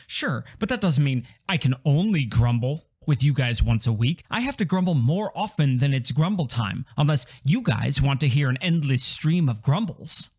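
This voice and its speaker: Man, comedy podcast host, grumbling, sarcastic, higher-pitched voice. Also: animated, normal speed, darkish tone, slightly rough. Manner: grumbling, sarcastic, self-mocking. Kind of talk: comedic ranting monologue.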